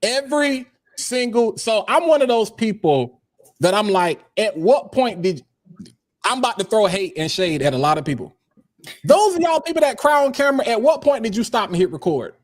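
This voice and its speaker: A man's voice: high voice, expressive, moderate pace, no echo, clean studio sound. A man on a business panel, talking in a blunt, slangy, opinionated way. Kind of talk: casual panel discussion.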